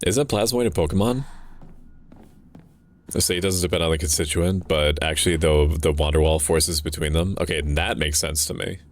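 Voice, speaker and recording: A young man with a very low, deep voice talks through a game stream in loose, rambling commentary. He cracks jokes, breaks off mid-thought, and curses offhandedly, with a faint hiss of noise behind him. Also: normal speed. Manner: rambling, joking, self-interrupting, swears casually. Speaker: VTuber streamer. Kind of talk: casual gameplay commentary.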